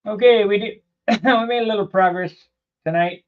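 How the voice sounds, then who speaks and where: A man's voice: sits high, moderate pace, phone-quality sound. A man hosting a casual workshop vlog on building model airplanes, talking in a rambling, plainspoken way with loose asides.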